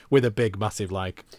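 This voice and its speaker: Low-voiced man in chatty football talk. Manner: chatty, rambling, self-mocking. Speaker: podcast co-host. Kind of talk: casual football podcast chat.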